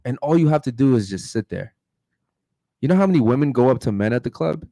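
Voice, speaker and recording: A man's voice: mid-range voice, animated, fast talker, mellow, no room sound. A man hosting a casual podcast chat, rambling with lots of fillers and restarts. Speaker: podcast host.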